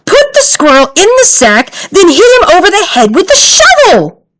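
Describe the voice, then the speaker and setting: Lady reading as a fed-up bossy mom, high and punchy, talks real slow like she's pointing at each word. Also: big pitch swings. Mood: exasperated. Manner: slow, emphatic, over-enunciated. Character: exasperated bossy mother, insistent and blunt.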